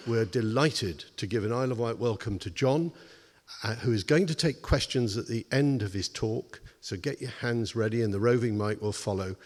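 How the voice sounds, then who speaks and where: A man giving an upbeat, welcoming introduction of a speaker to a festival audience. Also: mid-range voice. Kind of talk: formal introduction. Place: festival venue before an audience. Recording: reverberant hall.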